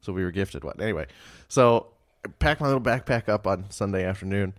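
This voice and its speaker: Tired podcast co-host, lively storyteller with a low voice, dry close mic, laughs a lot. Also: male voice, brisk, dry recording. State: tired after a night shift. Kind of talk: casual chat.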